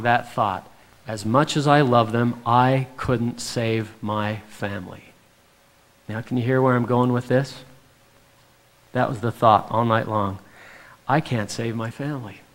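Man telling a lively devotional story. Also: mid-range voice. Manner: animated storytelling, acts out quotes. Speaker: speaker. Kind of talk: devotional talk with a personal story.

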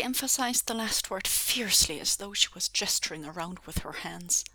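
A woman reading a fan story aloud in a breathy, half-whispered narration. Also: medium pitch, expressive, moderate pace, few pauses, sharp tone, no echo. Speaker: podfic reader. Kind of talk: audiobook narration.

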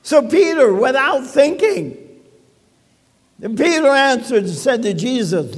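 A man with a high voice delivers a sermon at an unhurried pace, chatty and quick with wry asides. His words ring out with a long reverb, as in a church hall. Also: sing-song. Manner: conversational preaching with quips and asides. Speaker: pastor.

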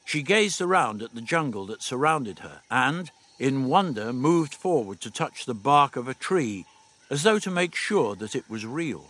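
A man's voice: medium pitch, fairly bright tone. A man reading a story aloud as an audiobook narrator. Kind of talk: scripted narration.

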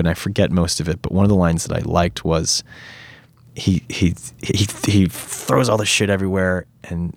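A man's voice: low-pitched, dry recording. A man talking casually in an interview as an actor, telling stories animatedly with lots of fillers and some swearing. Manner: animated storytelling, many fillers, swears freely.

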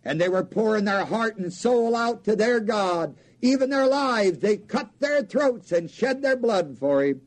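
Male preacher, sermon, slow delivery, animated, folksy and joking, quizzes the congregation. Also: high-pitched.

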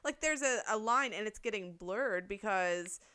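A woman's voice: mid-range voice, animated, measured pace, sharp tone, clear, resonant tone. A woman co-hosting a casual chat, explaining her view at length with plenty of fillers and the odd swear word. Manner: chatty, talks it through with fillers and swearing. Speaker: podcast co-host.

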